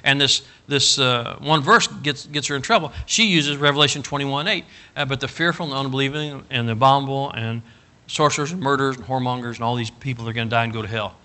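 Bright-voiced folksy preacher man. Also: medium pitch, fast. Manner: folksy and animated, building to loud emphatic bursts. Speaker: pastor. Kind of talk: storytelling sermon.

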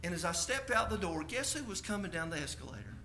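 A male preacher telling a personal story in a sermon, going from soft storytelling to shouted conviction. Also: high voice, big pitch swings, fast.

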